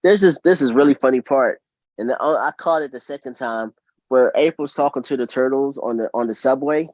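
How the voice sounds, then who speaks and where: A man hosting a casual podcast chat, enthusiastic and rambling, with quick apologetic asides. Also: medium pitch, a little mellow, dry recording, muffled recording. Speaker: podcast host.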